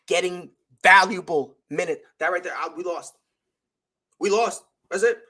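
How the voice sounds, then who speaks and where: A man's voice: high-pitched, a little slow, pushed and bright. A young man hosting a sports talk show, delivering an emphatic, slangy opinion monologue full of rhetorical questions.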